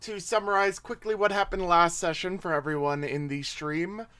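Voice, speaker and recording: A man's voice: high-pitched, steady tone, normal speed, pushed and bright, smooth. Casual man hosting a tabletop game. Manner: casual, chatty, swears. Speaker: game master, host. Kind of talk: tabletop game narration, livestream.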